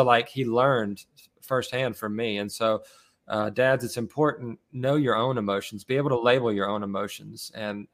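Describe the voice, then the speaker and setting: A man's voice: fairly low pitch, fairly bright tone. A man hosting a casual podcast discussion among fathers, talking earnestly with many fillers and restarts. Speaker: podcast host leading discussion.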